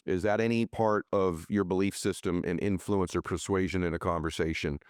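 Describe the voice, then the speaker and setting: A middle-aged man hosting a podcast, talking in an energetic, emphatic motivational way, reading ads and asking questions. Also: low-pitched, fairly quick, smooth, no room sound, studio quality. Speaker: podcast host. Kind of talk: podcast interview and ad reads.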